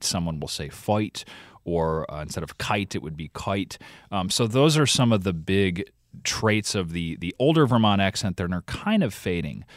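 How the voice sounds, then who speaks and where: A man's voice: on the low side, dry recording, clean studio sound. A man, a podcast reporter, explaining things as a guest in a conversational radio interview, thinking aloud with fillers.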